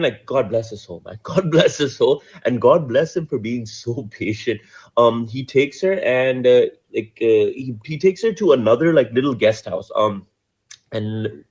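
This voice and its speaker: A man from Pakistan, casually retelling a news story, animated and laughing often. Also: medium pitch, a little fast, husky. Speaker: commentator.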